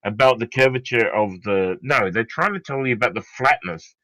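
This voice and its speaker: A man who has been drinking, arguing in an online debate, halting with fillers and swearing when flustered. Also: medium pitch, sharp tone, no echo, poor audio. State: tipsy from drinking.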